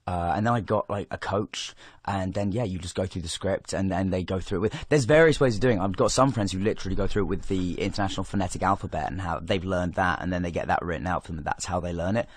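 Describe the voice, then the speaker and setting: English man, young adult, animated casual talk, lots of "like", low pitch, dry close sound. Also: no echo. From England. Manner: animated, quick with many fillers and restarts. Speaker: actor guest. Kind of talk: casual podcast conversation.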